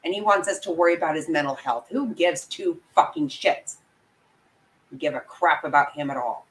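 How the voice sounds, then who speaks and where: A true crime commentator, a woman with a low-sitting voice, rants angrily and profanely on a livestream at normal speed over poor audio. She speaks emphatically and directly to her viewers, apologizing for her outbursts.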